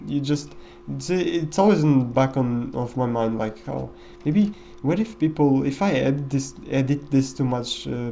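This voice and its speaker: A man's voice: mid-range voice, mellow, lo-fi sound, slight background noise. Rambling man doing casual game commentary. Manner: rambling, with many fillers and restarts. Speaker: gameplay commentator.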